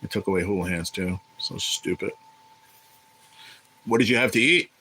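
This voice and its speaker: A man's voice: lowish voice, moderate pace, pushed and bright, slight background noise, poor audio. A man hosting a casual livestream, talking in a blunt, profane, irritated way. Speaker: livestream host.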